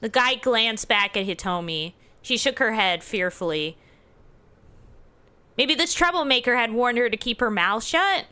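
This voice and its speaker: Bright high woman reading a game aloud. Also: measured pace, clean tone. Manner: expressive, laughs often. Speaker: let's play host. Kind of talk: reading a visual novel aloud with commentary.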